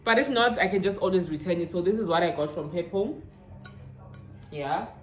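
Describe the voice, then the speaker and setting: A young South African woman with a Zulu-inflected accent, a vlogger chatting through a shopping haul and mixing in Zulu words, her pitch jumping up when she gets excited. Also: moderate pace. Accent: South African, Zulu-inflected English. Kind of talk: casual haul unboxing chat. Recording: roomy echo with faint ambience.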